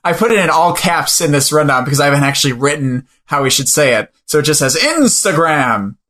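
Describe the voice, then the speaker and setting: A man's voice: on the high side, expressive, fairly quick, fairly bright tone. A man co-hosting a podcast in casual chat, joking around and stumbling and apologizing as he reads the show's sign-off. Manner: jokey, fumbles and apologizes through the read. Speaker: podcast co-host.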